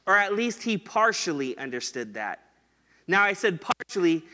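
Bright high-voiced male pastor, echoey hall. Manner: conversational, asks listeners "right?" often. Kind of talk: Bible study teaching.

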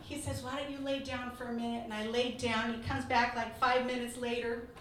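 A woman teaching a Bible study, telling personal stories in a lively, laughing way. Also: on the high side, fairly quick. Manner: lively storytelling, laughing through anecdotes. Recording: echoey room from far off, noisy.

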